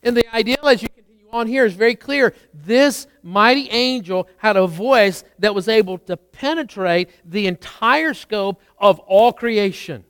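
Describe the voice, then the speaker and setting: High, smooth-voiced preacher, dry sound. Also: male voice, expressive, a little slow, few pauses, no room sound. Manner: preaching with swells of emphasis and quiet asides. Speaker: pastor. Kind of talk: sermon.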